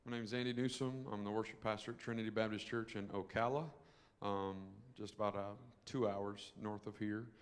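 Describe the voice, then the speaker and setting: A man who works as a worship pastor, giving a relaxed self-introduction from the audience with frequent fillers. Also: on the low side, fairly quick. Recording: reverberant hall sound.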